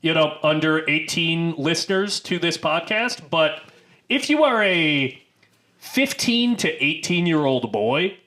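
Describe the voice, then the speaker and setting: A man's voice: fairly high pitch, animated, takes it slowly, pushed and bright. A man co-hosting a film podcast in casual chat, rambling with many fillers and restarts. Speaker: podcast co-host.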